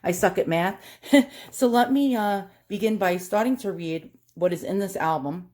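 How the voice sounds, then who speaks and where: In a casual vlog, a woman from Long Island, New York, chats with a New York accent, her mid-range voice a little mellow at normal speed. She comes across as nervous and self-deprecating, rambling with plenty of fillers and restarts.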